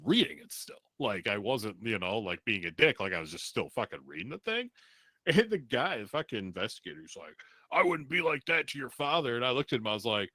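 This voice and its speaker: A man's voice: lowish voice, sing-song, fairly quick, pushed and bright, no room sound. A man on a podcast telling a rambling, profane story in a casual way, laughing now and then.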